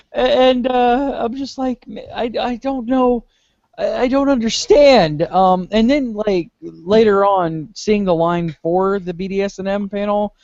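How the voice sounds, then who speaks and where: A man hosting a podcast, telling a convention story in a lively way, acting out the lines of the people in it. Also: sits high, dry recording, dull audio. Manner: animated storyteller acting out dialogue, laughing often. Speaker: podcast host. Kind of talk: casual anecdote telling.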